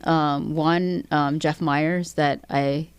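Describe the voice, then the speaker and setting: Woman, fight promoter being interviewed; low voice, dry sound, swears freely and talks with raw feeling. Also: steady tone, drawn-out words, clear, resonant tone, no echo. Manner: blunt, heavy swearing. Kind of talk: emotional interview talk.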